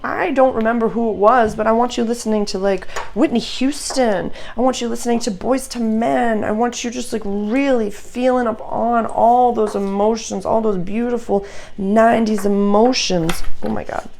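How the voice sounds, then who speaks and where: A woman's voice: on the high side, steady tone, normal speed, gravelly, a little mellow, slight background noise. A young adult woman giving a casual, effusive astrology reading, gushing encouragement at her listeners.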